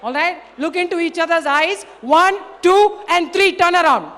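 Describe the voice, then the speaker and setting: A high-pitched woman gives an energetic, joking motivational talk, coaxing the crowd to answer back. Her voice carries the long reverb of a big hall. She speaks as a leadership trainer on stage. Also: normal speed, a little hiss or hum. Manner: energetic, humorous, drives audience call-and-response. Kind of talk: motivational talk to a live audience. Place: large hall with an audience.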